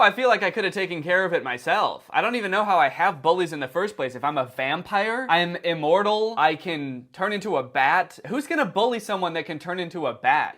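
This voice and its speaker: A man's voice: sits high, fairly bright tone. A young man giving comedic reaction commentary in a sarcastic, wry and incredulous way. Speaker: commentary YouTuber.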